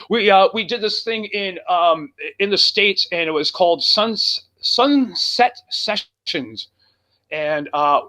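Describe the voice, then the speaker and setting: Bright, high-voiced swearing rock singer. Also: male voice. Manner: rambling and profane, heavy with fillers. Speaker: guest, rock band singer. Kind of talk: casual road-story chat.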